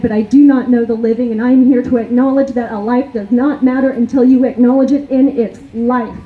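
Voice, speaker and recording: Angry woman giving a rally speech. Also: fairly high pitch. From East Texas. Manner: angry, emphatic, repeats her points. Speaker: rally speaker. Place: outdoor rally. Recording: tinny, narrow, lo-fi sound with faint hiss.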